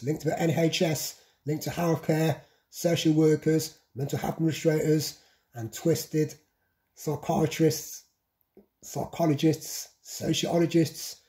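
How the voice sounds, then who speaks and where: A man delivers an insistent vlog monologue, stacking phrase on phrase. His voice is dark and mellow. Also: a little high, little pitch movement, a little slow. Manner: repetitive listing, insistent. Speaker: vlogger. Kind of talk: monologue to camera.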